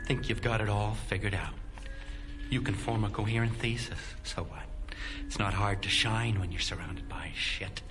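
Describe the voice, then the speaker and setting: A man's voice: on the low side, moderate pace, lightly acted. An actor playing a bitter, contemptuous college teacher who hurls cruel insults at his students. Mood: sneering. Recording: film clip with music underneath.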